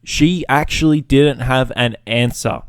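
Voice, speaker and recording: A man's voice: mid-range voice, unhurried, clear, resonant tone, no echo. A man rants into his podcast mic, swearing freely and talking with swagger. His tone is mocking and self-assured, like someone telling a customer story he enjoys. The sound is close and dry, with almost no room around it. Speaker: podcast host. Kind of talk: profane storytelling rant.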